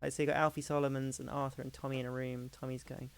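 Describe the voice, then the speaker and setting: A woman streamer in a casual hangout chat, talking fast and loose with frequent laughs and restarts. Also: a bass voice, flat delivery, gravelly, faint music behind. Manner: chatty, laughing, restarts sentences.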